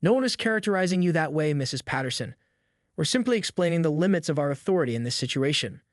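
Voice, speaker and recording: A synthetic male narrator voice speaking as a calm, professional police sergeant who stays firm but polite. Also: fairly high pitch, quick pace, dry recording, studio quality, lightly acted. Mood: composed.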